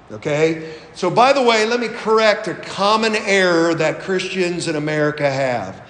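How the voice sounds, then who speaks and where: A man's voice: sits high, a bit bright. A middle-aged male pastor preaching a sermon in a folksy, rambling way, with fillers and small chuckles. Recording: echoey hall with long reverb.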